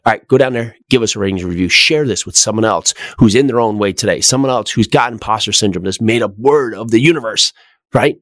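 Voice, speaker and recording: A middle-aged man hosting a motivational podcast, speaking with energetic, repetitive emphasis and rhetorical questions. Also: fairly low pitch, quick pace, no echo, clean studio sound. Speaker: podcast host.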